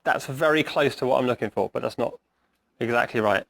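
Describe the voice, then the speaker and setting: Hoarse man giving an agile talk. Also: mid-range voice, fairly quick, fairly bright tone. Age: middle-aged. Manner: conversational, asks the audience questions, says "right?" often. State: hoarse, clearing his throat. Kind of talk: conference talk to a live audience. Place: meeting room with an audience.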